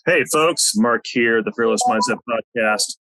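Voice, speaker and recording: A man's voice: mid-range voice, a little slow, pushed and bright, no echo, soft background music, low-quality recording. A man hosting a podcast in a loose, rambling, joking way over a video call. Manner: loose and rambling, with fillers and jokey asides. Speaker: podcast host. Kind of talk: casual podcast chat. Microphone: no headset, video call setup.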